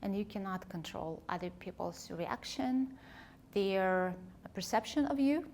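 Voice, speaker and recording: Slow, reflective woman coach. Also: medium pitch, lively intonation, darkish tone, a little hiss or hum. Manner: thoughtful, heartfelt, searching for words. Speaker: leadership coach and author, interview guest. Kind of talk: reflective conversational interview.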